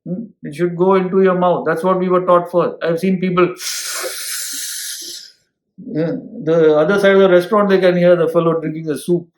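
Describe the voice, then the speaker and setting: A man teaching an ancient scripture at an unhurried pace, stopping to ask his listeners "hmm?" and reaching for everyday examples. His voice sits a little high for a man. The room gives it a noticeable echo. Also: fairly even intonation. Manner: explains with homely examples and asks listeners "hmm?". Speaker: spiritual teacher. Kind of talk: scripture lecture.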